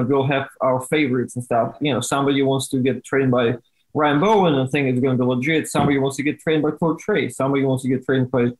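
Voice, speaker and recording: A man's voice: medium pitch, rough recording. A man as a guest in a casual conversation, explaining things earnestly and often repeating his words as he starts. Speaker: guest commentator.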